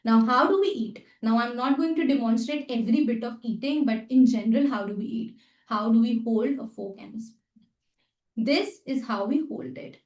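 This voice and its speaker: A woman with an Indian English accent teaches table etiquette in a fairly high voice. She explains each step patiently and repeats short phrases as she shows them. Her voice sounds distant in a reverberant room. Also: moderate pace, a little mellow. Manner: instructive, repeats phrases while demonstrating. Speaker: etiquette trainer. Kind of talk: workshop lesson with demonstrations. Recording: echoey room, mic at a distance.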